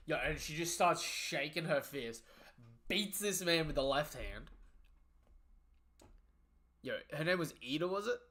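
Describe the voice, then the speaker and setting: Young guy doing live reaction commentary, hyped and slangy, kinda high bright voice, keeps restarting his sentences. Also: moderate pace, long pauses. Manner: excitable, slangy, breaks off and restarts mid-sentence. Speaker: manga reaction host.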